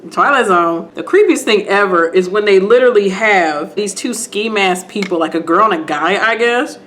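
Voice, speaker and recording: A woman vlogger retelling a TV episode to her viewers in a casual, animated way while doing her makeup. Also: medium pitch, moderate pace. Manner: animated, talks to viewers, acts out scenes.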